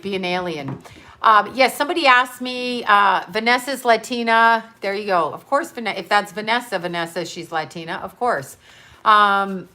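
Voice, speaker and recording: A woman with a bright, forceful voice hosts a casual livestream. She speaks as a psychic medium and answers her chat in a blunt, loose way. She swears freely and laughs often as she talks. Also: mid-range voice. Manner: talks straight to her chat, reads out comments and riffs. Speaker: psychic medium answering live viewer questions.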